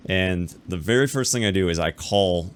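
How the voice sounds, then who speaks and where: A man casually telling his audience a business story to camera, talking fast with frequent repeats and restarts, and acting out the other people in the story. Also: low voice.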